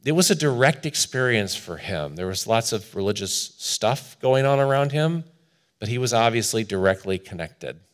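A man's voice: mid-range voice, animated, normal speed. A man preaching a sermon as pastor, telling a story in an earnest manner with quoted voices.

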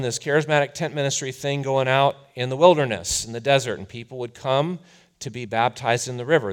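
A man preaching a sermon as a pastor, telling the story in a conversational, animated way. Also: medium pitch.

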